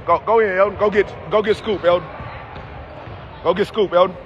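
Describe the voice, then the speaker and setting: A man coaching a youth basketball team from the sideline, calling out loud encouragement and repeating himself. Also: sits high, steady tone, a little fast, lo-fi sound, background noise. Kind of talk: courtside coaching shouts.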